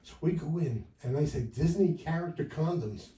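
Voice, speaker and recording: Older male stand-up comic, wry punchy delivery, lively pitch; roomy live sound from a distance. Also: moderate pace. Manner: wry, punchy delivery with loud jumps for quoted lines. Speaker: stand-up comedian. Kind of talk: stand-up comedy set. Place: comedy club stage.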